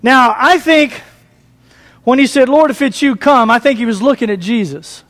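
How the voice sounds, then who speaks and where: A man preaching a sermon, animated, asking the congregation questions as he retells a passage. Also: very high-pitched, moderate pace. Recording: long reverb of a church hall.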